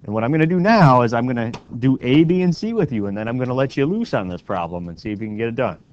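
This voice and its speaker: A man teaching a classroom math lesson, walking students through each step and often checking in with a quick question. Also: medium pitch, lively intonation, darkish tone. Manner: walks students through steps with frequent questioning "right?". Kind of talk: classroom lecture. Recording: dull lo-fi classroom recording with faint noise.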